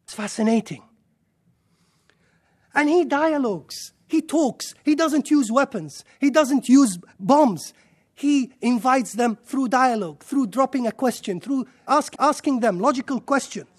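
An Islamic lecturer delivers an impassioned religious talk to a live audience, excitedly hurling rhetorical questions at them. His voice is very high-pitched and his pace unhurried.

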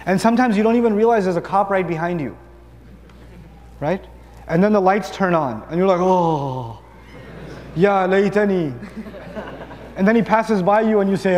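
High-voiced man preaching in a hall. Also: darkish tone, slight background noise. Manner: conversational, humorous, rhetorical questions to the audience. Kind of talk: sermon.

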